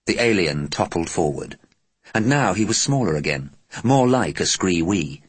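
A man narrating an audiobook with deliberate, expressive storytelling. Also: deep voice, husky, no room sound.

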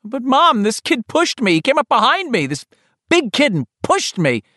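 A man doing a high-voiced wisecracking boy. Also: expressive, a little slow, no room sound, clean studio sound. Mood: pleading. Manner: jokey, put-on posh butler voice at times. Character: wisecracking young boy, quick, clowning. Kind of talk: audiobook character voice.

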